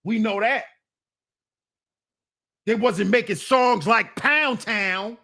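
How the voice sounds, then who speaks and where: High-voiced scolding man ranting. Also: takes it slowly, sharp tone. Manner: blunt, scolding, talks back to viewers. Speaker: commentary channel host. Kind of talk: casual commentary rant.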